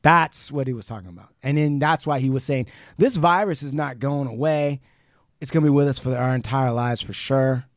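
A man co-hosting a podcast, retelling a conversation in casual, animated chat, swearing freely and restarting sentences. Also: medium pitch, normal speed, dry recording, studio quality. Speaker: podcast co-host.

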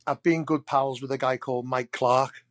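A man's voice: mid-range voice, fairly even intonation, moderate pace, a bit bright, dry recording. A man, a wrestler guest on a podcast, telling long casual anecdotes that ramble and restart often. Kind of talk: casual storytelling.

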